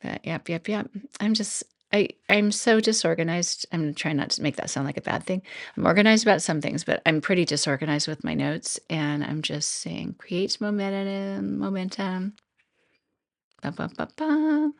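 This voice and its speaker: Middle-aged female podcast host, casual and chatty, gravelly tone, dry close sound. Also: on the low side, normal speed, dry recording. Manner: chatty, laughs often, thinks out loud. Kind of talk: casual solo podcast talk.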